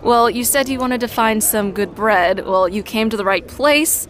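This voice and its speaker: A woman's voice: on the high side, moderate pace, close to an everyday voice. A woman voicing a shifty, chatty young townswoman in improvised role-play, rambling evasively with nervous bursts. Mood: sly.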